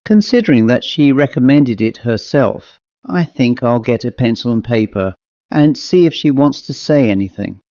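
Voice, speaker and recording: A man voicing a brisk, self-assured male medium in a crisp, chatty manner for an audiobook story. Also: lively intonation, dark tone, no echo, lightly acted. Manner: crisp, chatty, lifted pitch. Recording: dull lo-fi dry recording.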